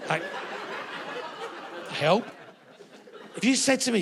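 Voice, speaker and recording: A middle-aged northern English stand-up comedian rambling through his set with sardonic, sweary banter. His voice sits high for a man and has a gravelly, fry-laden edge. The delivery is loose and conversational. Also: lively intonation, a little slow, pauses often. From northern England.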